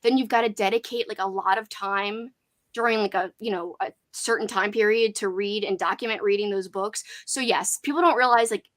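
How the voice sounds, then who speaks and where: Speaking briskly at medium pitch with fairly even intonation, a young woman hosts a casual book livestream. As a booktube host she keeps it chatty and filler-heavy, saying "like" a lot and reading the chat aloud.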